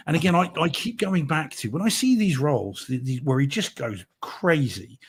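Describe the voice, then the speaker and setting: A man talks films on a podcast, circling back and correcting himself as he goes. His emphatic chat sits at a middling pitch. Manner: rambling, self-correcting, emphatic. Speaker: podcast co-host. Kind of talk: casual film review chat.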